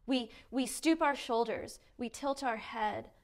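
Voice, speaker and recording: A middle-aged woman speaks straight to her viewers with a slightly high voice. She talks earnestly, leaning hard on key words, then dropping almost to a murmur. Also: moderate pace. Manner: earnest, dramatic emphasis, varies loudness widely. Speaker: self-help speaker. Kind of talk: direct-to-camera motivational talk.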